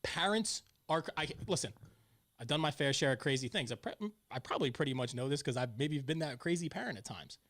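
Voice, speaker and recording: A man in his forties hosting a casual talk show, telling stories with animated energy and getting loud when retelling arguments. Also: fairly high pitch, brisk. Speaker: podcast host, youth softball coach. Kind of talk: casual chat.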